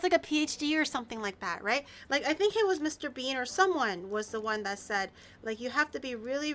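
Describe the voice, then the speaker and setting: A woman's voice: high-pitched, bright, forceful tone. A woman in her early twenties with a Canadian accent, chatting casually and teasingly with viewers on a livestream, with lots of fillers. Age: early 20s. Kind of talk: casual chat reacting to viewers.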